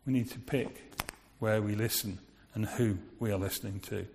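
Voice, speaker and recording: A man's voice: fairly low pitch, steady tone, moderate pace, vocal fry, a little mellow, a little hiss or hum. A man giving a sermon in a conversational way, asking his listeners rhetorical questions. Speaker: preacher. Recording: long reverb of a large hall.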